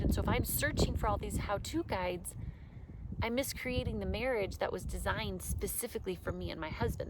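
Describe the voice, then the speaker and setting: A woman's voice: mid-range voice, slight background noise. Woman coach doing a punchy motivational talk, repeats herself a lot, swears casually. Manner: emphatic and repetitive, with casual swearing.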